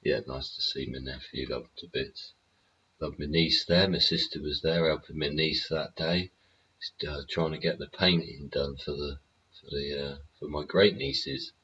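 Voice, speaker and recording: Very deep-voiced sweary man. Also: fairly even intonation, a little slow, bright, forceful tone, slight background noise. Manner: sweary, rambling, chuckling. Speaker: host. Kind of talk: rambling casual monologue. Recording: slightly dull lo-fi audio with faint ambience.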